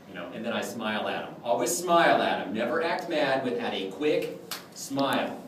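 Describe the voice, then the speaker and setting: A man lecturing on clown magic and demonstrating tricks to a class in an animated, jokey way, often acting out his exchanges with kids. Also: medium pitch, moderate pace. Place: lecture room. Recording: echoey room, far from the mic, background noise.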